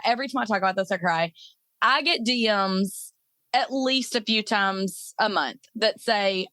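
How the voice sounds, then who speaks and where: A woman's voice: medium pitch, a bit bright, no room sound. A woman hosting a podcast, chatting casually and laughing often with her guest. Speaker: podcast host. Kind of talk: casual interview chat.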